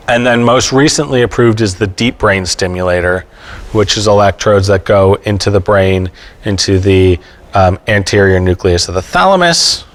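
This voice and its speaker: A man with a somewhat low voice explains medical treatments on an expert panel. He talks plainly and patiently, with frequent fillers and quick check-ins with his listeners. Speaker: epileptologist speaking on an expert panel. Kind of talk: explanatory panel talk to families. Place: event panel before an audience.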